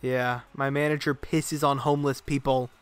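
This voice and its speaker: A young man streaming a game live, giving excitable commentary full of profane trash talk. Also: mid-range voice, moderate pace, clear, resonant tone, dry recording, faint music behind.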